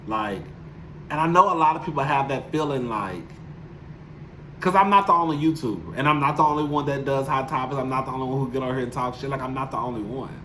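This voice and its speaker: This YouTube commentator is a man with a medium-pitched voice who talks briskly, sharing frank, emotional thoughts with viewers in a casual, swear-filled vlog from his apartment. The background is noisy and the room adds echo.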